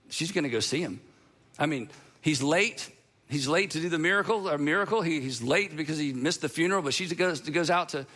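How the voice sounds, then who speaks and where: In a sermon, a male pastor speaks with a high, bright, ringing voice, earnest and emphatic, returning again and again to key phrases. When a moment carries weight, he slows down almost to a halt.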